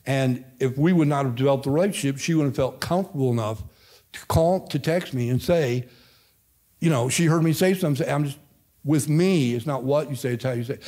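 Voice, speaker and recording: A Midwestern American man in his fifties leads a casual church Bible study as pastor emeritus. His mid-pitched voice rambles in a folksy way, often stopping partway through a thought and starting over. He speaks to a class gathered in a church room. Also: fairly quick, darkish tone. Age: 50s. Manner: folksy, rambling, self-interrupting. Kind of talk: informal Bible study teaching.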